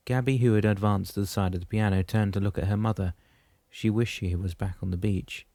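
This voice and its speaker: A man narrating an audiobook in a steady, measured way. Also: lowish voice, no echo. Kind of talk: scripted narration.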